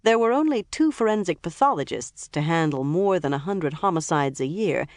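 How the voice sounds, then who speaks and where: Audiobook narrator, even measured crime novel read, dry close sound, mid pitch. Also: dry recording.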